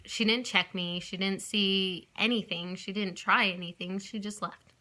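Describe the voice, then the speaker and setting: Chatty young woman with a bright voice. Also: medium pitch, fairly even intonation, unhurried. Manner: rambling, chatty, often apologizing and backtracking. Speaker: vlogger. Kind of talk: casual storytelling to camera.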